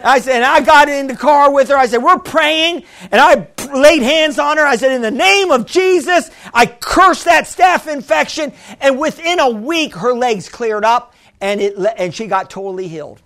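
A middle-aged man, a pastor, preaching a sermon: he tells stories quietly, then builds to shouted, excited exclamations. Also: extremely high pitch, normal speed, hardly any pauses.

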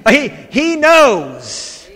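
Male pastor, sermon, very high bright voice, emphatic, church hall reverb. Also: huge pitch swings, very slow. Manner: emphatic, repeating "amen" to the congregation.

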